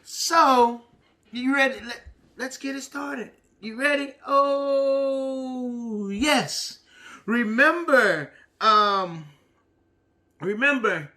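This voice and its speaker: A man leads a preschool class in call and response, and his delivery is animated and sing-song. He speaks slowly, with a bright, forceful voice. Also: extremely high pitch. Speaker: teacher. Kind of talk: early-childhood lesson, call and response.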